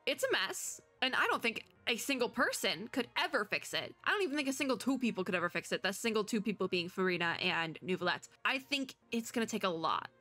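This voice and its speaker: Bright chatty young woman streamer. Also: mid-range voice, brisk, few pauses, faint music behind. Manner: chatty, excitable, rambling, laughs often. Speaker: VTuber streamer. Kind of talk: casual game commentary.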